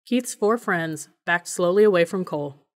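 Low-voiced woman reading an audiobook. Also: animated, normal speed. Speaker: audiobook narrator. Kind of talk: audiobook narration.

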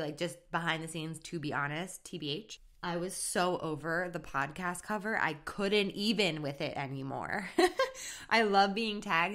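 A woman's voice: on the low side, a bit bright. A woman hosting her own podcast as a mindset coach, talking casually in a bubbly, gushing, slangy way. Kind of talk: casual solo podcast talk.

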